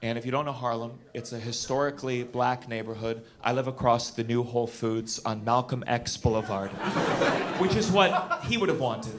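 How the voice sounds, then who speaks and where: A man in his thirties doing a stand-up comedy set, animated and shouting punchlines. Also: medium pitch, normal speed. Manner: animated, shouts punchlines, acts out quoted voices. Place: comedy club stage with live audience. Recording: loud audience noise and laughter.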